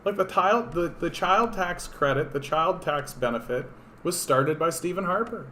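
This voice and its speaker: A man with a hoarse voice, giving rambling, sarcastic and profane political commentary on a casual livestream. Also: on the high side, moderate pace, pushed and bright, slight background noise. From Canada. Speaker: political streamer.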